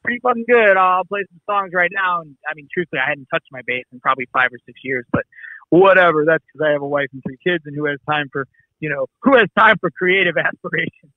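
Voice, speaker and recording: Middle-aged man, from the Midwest, animated storyteller, quick talker, high voice, dry dull call audio. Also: no room sound. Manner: animated, swearing, acts out dialogue. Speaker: actor and producer guest. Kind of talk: casual interview storytelling. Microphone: remote call.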